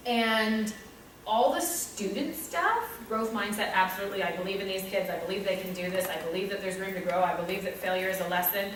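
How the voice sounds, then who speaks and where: A woman teacher with a Canadian English accent talks frankly about her work, poking fun at herself. Her voice sits at a middle pitch. It is recorded from some distance in a very echoey room with faint ambience behind it. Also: fairly even intonation, brisk, a bit bright, a little hiss or hum. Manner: candid, self-deprecating, with acted-out asides. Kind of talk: reflective talk on her teaching practice.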